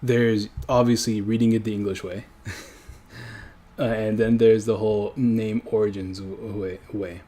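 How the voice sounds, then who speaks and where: A man from a French-speaking country chats casually on a livestream, rambling, correcting himself along the way, and chuckling often. His voice sits on the low side and sounds mellow, with a flat, slightly slow delivery.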